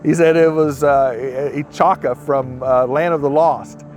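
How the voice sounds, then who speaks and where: A man's voice: fairly high pitch, fairly even intonation, a little slow, darkish tone, soft background music. A man in an interview rambling through a retold story and slipping into quoted speech. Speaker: interviewee recounting a sighting.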